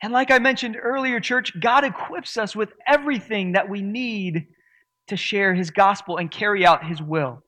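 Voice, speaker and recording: Male pastor preaching with earnest emphasis, high-pitched voice. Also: moderate pace, bright, forceful tone. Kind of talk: sermon.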